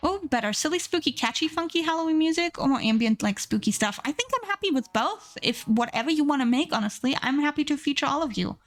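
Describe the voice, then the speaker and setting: A woman's voice: high-pitched, expressive, fast talker, few pauses, faint music behind. A woman streamer chatting casually and rambling with plenty of fillers while she draws on a live art stream. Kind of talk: casual chat while drawing.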